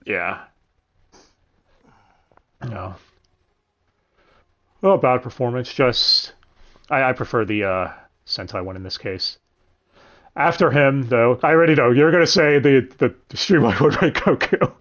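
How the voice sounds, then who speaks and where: A man's voice: medium pitch, unhurried, pauses often, fairly bright tone. A young man hosting a livestream, rambling casually about dubs, swearing and correcting himself as he goes. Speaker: stream host.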